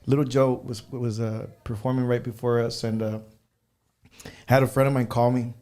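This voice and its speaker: A man telling animated anecdotes, laughing at his own stories and slipping into Spanish. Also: mid-range voice, moderate pace. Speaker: guest. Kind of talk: casual storytelling.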